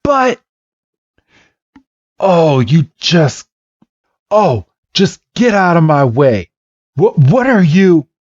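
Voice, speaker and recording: A man voicing an excitable, rash boy Pokémon trainer with high, yelping outbursts. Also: extremely slow, pauses often, husky, no echo, exaggerated voice. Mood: excited, indignant. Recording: dull lo-fi podcast mic.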